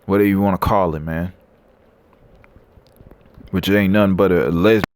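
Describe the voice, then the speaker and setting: A man's voice: low voice, steady tone, normal speed, darkish tone, no echo. A man preaching and reading scripture aloud, blunt and coarse, tagging lines with "man" and "all right". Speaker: street preacher.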